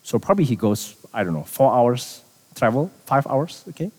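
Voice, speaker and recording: A man preaching a sermon as a pastor, animated, repeating himself and dropping quiet for emphasis. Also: medium pitch, normal speed, big-room sound.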